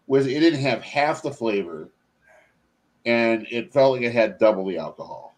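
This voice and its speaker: A man's voice: medium pitch, expressive, moderate pace. A man hosting a painting stream, chatting casually, swearing and laughing often. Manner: laughs a lot, swears freely. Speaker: stream host. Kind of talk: casual chat.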